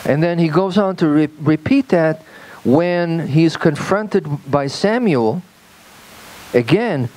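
Slow, deliberate preaching rabbi. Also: male voice, a little high, rough recording. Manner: slow, deliberate preaching with animated quoted voices. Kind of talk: sermon.

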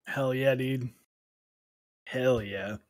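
A man's voice: mid-range voice, steady tone, extremely slow. A young man co-hosting a casual livestream chat, laid-back, telling stories and acting out the people he quotes. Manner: laid-back storytelling, acts out quoted kids. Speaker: co-host.

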